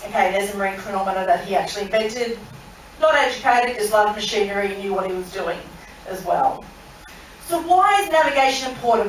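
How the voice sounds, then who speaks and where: A woman's voice: fairly high pitch, slight background noise. A woman presenting an interactive lesson to an audience, chatty, asking questions and laughing along. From Australia. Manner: chatty, asks the audience questions, laughs at her own story. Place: large room on a cruise ship. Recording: very echoey hall, voice from far off.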